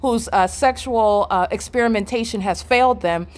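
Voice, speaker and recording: A woman's fairly high voice, at a normal speed, narrates agitatedly as she films on a street near parked cars with a handheld phone. She accuses and repeats phrases insistently, vlogging in public.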